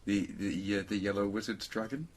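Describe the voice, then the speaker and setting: A podcast co-host with a fairly low voice and fairly even intonation chats casually at a fairly quick pace. He rambles, jokes around, and uses lots of fillers.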